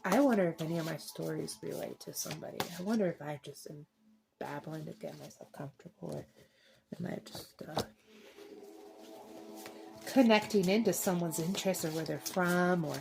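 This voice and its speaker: A woman's voice: low voice, moderate pace, creaky, over music. A woman in her thirties doing a casual tarot reading, chatty and rambling, often laughing. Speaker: tarot reader.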